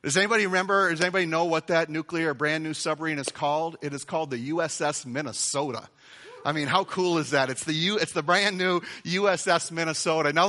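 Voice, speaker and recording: A man's voice: high-pitched, bright, forceful tone. A man preaching a sermon to his congregation, enthusiastic and emphatic, repeating phrases for effect. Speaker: pastor. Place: church auditorium with several campuses.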